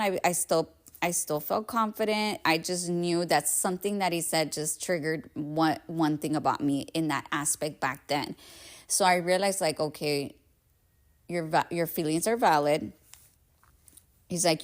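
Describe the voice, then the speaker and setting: Young female podcast host, lowish voice, casual and chatty, acts out the dialogue as she tells the story. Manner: chatty, animated, filler-heavy, acts out quoted dialogue.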